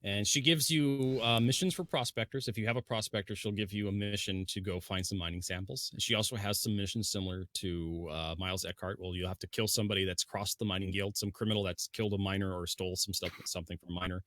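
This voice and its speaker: A man's voice: on the low side, steady tone, quick pace, few pauses, a bit bright. A man co-hosting a gaming podcast, joking around and explaining game details in casual chat. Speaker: podcast co-host.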